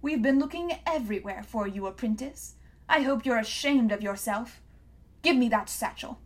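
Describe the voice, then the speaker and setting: A woman's voice: on the high side, expressive, normal speed, lightly acted. A woman doing a cold, smug engineer. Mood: menacing. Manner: sharp, commanding. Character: cold, menacing male engineer, tall and smug.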